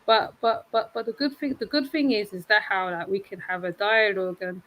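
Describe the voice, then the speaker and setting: A woman with an English accent talks as a guest on a livestream, heard over a video call. Her pitch is middling, and her speech keeps restarting around "like" and "you know". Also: steady tone, a little fast, a bit bright, low-quality recording. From England. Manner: laughs easily, lots of "like" and restarts. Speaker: guest YouTuber. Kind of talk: casual chat on a livestream.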